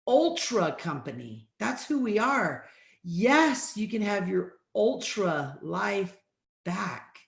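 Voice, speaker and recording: Middle-aged woman, a bit hoarse, high-ish voice, punchy preacher-like sales pitch, roomy echo. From Texas. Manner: emphatic, repetitive, preacher-like. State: hoarse from allergies. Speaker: sales presenter. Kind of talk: motivational sales presentation.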